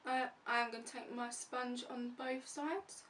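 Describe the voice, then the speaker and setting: A woman's voice: a little high, fairly even intonation, unhurried, fairly bright tone. A woman beauty vlogger chatting casually through a makeup tutorial, narrating each step as she goes. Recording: distant mic with faint room noise.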